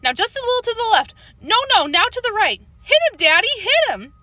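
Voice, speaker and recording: A woman doing a scared little girl, high, bright and lively, pleading with her parents. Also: normal speed, no echo, full character voice. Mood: excited. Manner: pleading, excitable.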